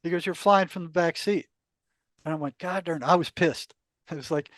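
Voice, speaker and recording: High-voiced older man telling a story. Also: moderate pace, no echo. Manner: animated storyteller, acts out quoted exchanges, laughs often. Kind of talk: casual storytelling interview.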